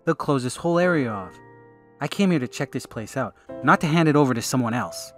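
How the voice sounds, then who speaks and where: A man's voice: mid-range voice, expressive, fairly quick, a bit bright, soft background music, voice pushed up, close to an everyday voice. A man voicing an eager, insistent young male explorer in an audiobook. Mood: determined.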